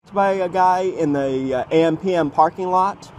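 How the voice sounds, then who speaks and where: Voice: medium pitch, normal speed, background noise. A filmmaker narrating a documentary and questioning people on recorded calls, blunt and indignant, swearing freely.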